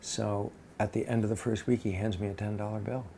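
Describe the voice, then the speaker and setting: A man telling a personal story in a casual, animated way. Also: lowish voice, brisk, creaky, slight background noise. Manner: animated, acts out quoted voices.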